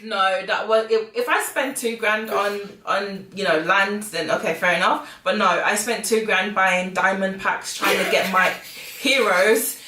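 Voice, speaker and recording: A woman's voice: mid-range voice, fairly even intonation, a little slow, few pauses, sharp tone. A woman co-hosting a casual conversation, speaking hesitantly with many fillers and restarts. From United Kingdom. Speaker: co-host. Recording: echoey room, far from the mic.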